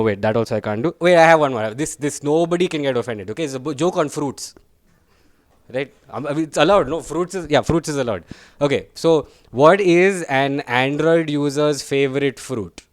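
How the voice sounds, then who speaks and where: Chatty young comedian, smooth and dry. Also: male voice, medium pitch, no echo. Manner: chatty, self-deprecating, tags lines with "right?" and "guys". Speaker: stand-up comedian. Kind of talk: stand-up comedy set.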